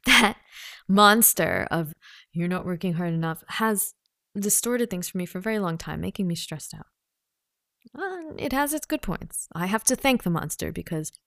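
A woman coach with a somewhat low voice talks through self-coaching questions, laughing often and wandering into asides. Her voice is close and dry, with no room sound around it. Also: creaky, no echo. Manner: thinks aloud with frequent laughs and asides. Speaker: personal coach. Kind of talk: casual self-coaching vlog, reading questions aloud.

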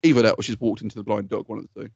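A man co-hosting a podcast, chatting casually, swearing freely and telling animated stories. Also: on the low side, rapid-fire, slightly rough, lo-fi sound. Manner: swears freely, animated storytelling with put-on quotes. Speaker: podcast co-host. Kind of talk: casual chat.

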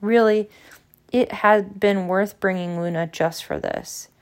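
A woman narrating a novel aloud, lively, with small slips and restarts. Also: medium pitch, slow pace. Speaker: audiobook reader. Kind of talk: storybook narration.

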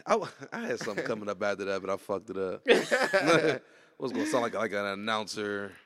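A man's voice: on the low side, very animated, brisk, fairly bright tone. A man hosting a casual podcast with friends, playful and joking, laughing often, from Pittsburgh. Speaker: podcast host. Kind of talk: casual chat among friends.

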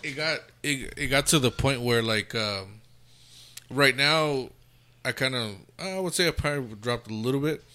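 Podcast guest, man, very bright tone, self-mocking, laughs at himself. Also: medium pitch, normal speed, clear, resonant tone. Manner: self-deprecating, laughs while talking. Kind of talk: casual chat.

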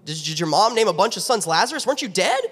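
Man voicing a pushy greedy tax collector, bit high, church echo. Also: very animated, quick pace, a bit bright, slightly rough, heavily acted. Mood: astonished. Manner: blunt, pushy. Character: greedy male tax collector demanding money. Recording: long reverb of a church hall.

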